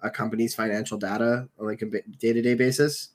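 A man's voice: fairly low pitch, flat delivery, fast talker. A young man and student co-hosting a podcast, talking casually and filling every sentence with "like". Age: young adult. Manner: filler-heavy, says "like" constantly. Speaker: podcast co-host.

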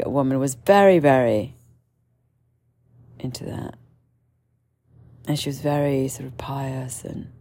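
Woman, deep voice, gravelly fry, mellow tone, candid rambling storytelling. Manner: candid, meandering, with many fillers and restarts; mimics others with sudden shrill outbursts. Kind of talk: casual storytelling monologue.

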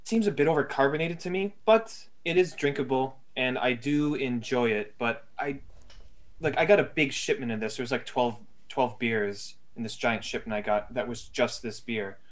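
A man's voice: mid-range voice, moderate pace. Casual man rambling through a beer review. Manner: relaxed, rambling with fillers and restarts. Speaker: podcast co-host.

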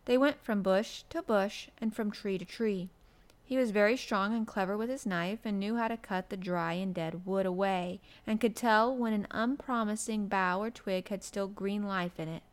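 A woman narrating a storybook in a soft, gentle, measured reading voice. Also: mid-range voice. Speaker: audiobook narrator.

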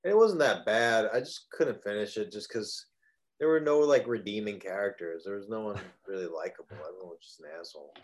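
A man with a fairly low voice, chatting casually and throwing in curious questions and quick comments. His talk is short and eager. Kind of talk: casual chat.

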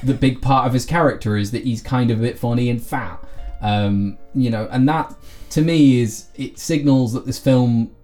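A man's voice: medium pitch, normal speed, few pauses, darkish tone, soft background music. A man co-hosting a casual film review podcast, rambling with lots of restarts and repeated words. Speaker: podcast co-host.

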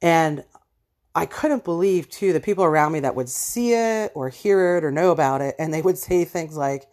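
A woman's voice: on the low side, normal speed, a little mellow. A woman hosting a personal monologue episode, speaking bluntly and passionately and appealing directly to listeners. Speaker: podcast host.

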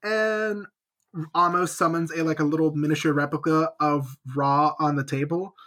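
A man's voice: fairly high pitch, steady tone, normal speed, fairly bright tone. A man co-hosting a podcast, recapping a book in casual chat and jokingly acting out the characters' lines. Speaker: podcast co-host.

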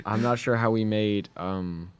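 A young man co-hosts a casual podcast with dry, deadpan humor. His voice sits somewhat low. The sound is close and dry. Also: a little slow, clear, resonant tone, no room sound. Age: young adult. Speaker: podcast co-host. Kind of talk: casual chat.

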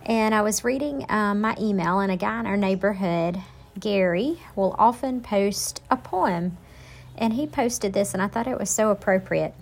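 A woman hosting a motivational message, reading a poem aloud from a screened-in porch in a casual, earnest way. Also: medium pitch. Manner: unhurried and earnest. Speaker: motivational host. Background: kids and leaf blowers in the distance.

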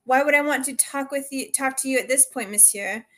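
A guarded young heroine, voiced by a woman reading aloud, snapping back in a sharp, defiant manner. The voice is bright and slightly high. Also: a little fast.

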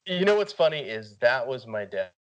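A man's voice: medium pitch, sing-song, normal speed, low-quality recording. A man in his thirties, an army veteran, telling his story earnestly in a casual interview, with many "you know" fillers. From United States. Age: 30s. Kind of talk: conversational storytelling.

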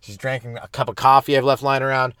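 A young adult man hosting a comedy podcast, stoned and rambling loosely through jokes with sudden animated bursts. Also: medium pitch, fast, smooth, no room sound, clean studio sound. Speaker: podcast host.

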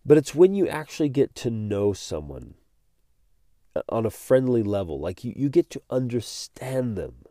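A man's voice: mid-range voice, very animated, normal speed, dark tone, no echo, studio quality. A man hosting a motivational podcast, speaking earnestly and animatedly, repeating words as he gets fired up. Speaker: podcast host.

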